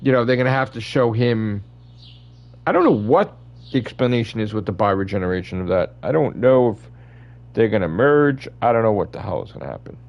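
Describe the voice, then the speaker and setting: A man's voice: on the low side, lively intonation, brisk, gravelly, highs cut off. A man hosting his channel, ranting in casual fan commentary with blunt opinions and constant swearing. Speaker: channel host.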